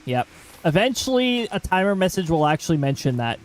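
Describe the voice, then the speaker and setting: A male game streamer chats casually, drifting into rambling asides. His voice sits fairly high and moves around a lot. Faint game music plays behind him. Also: big pitch swings, brisk, low-quality recording.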